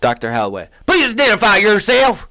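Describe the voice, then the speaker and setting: A man voicing a stern doctor who questions a reanimated corpse loudly. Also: high voice, expressive, unhurried, voice pushed up, heavily acted.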